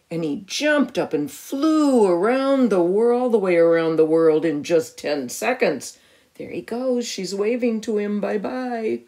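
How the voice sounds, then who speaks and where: Animated woman reading a picture book aloud. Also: on the low side. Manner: animated, gasping, asking the listener questions. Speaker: storyteller reading to a child.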